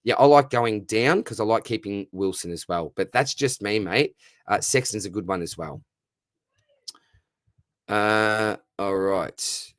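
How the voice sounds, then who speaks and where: In a relaxed live Q&A about fantasy football, a young Australian host cheerfully reads viewer questions aloud and responds like a mate. He speaks in a lowish, slightly bright voice without hurrying, and the studio sound is clean with no room noise.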